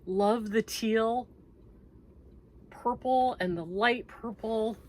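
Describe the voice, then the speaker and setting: A woman's voice: fairly high pitch, drawn-out words, background noise. A Canadian-born woman hosting a crochet vlog, chatting in a gushing, upbeat way as she opens packages. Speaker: crochet channel host. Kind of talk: casual vlog chat.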